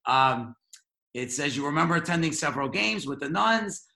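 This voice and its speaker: Bright-voiced interview host in an echoey room. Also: male voice, fairly high pitch, animated, normal speed, creaky. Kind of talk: interviewing and reading aloud from a book.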